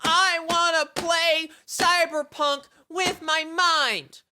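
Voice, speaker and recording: A streamer voicing a childish male tech billionaire throwing a tantrum, in a high, slow, whining voice. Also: steady tone, noisy background, full character voice. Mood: petulant.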